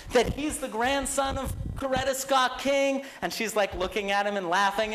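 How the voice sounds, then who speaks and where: A man's voice: very high-pitched, a little hiss or hum, low-quality recording. Young man telling a lecture anecdote. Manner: animated anecdote with quoted voices. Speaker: guest lecturer. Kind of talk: storytelling in a university lecture. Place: lecture hall.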